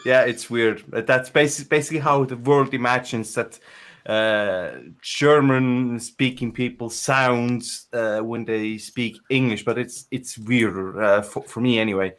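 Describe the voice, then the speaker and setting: A man's voice: medium pitch, measured pace, few pauses, a bit bright. A man chatting casually on a podcast, rambling with many restarts and fillers. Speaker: podcast co-host. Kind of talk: casual chat.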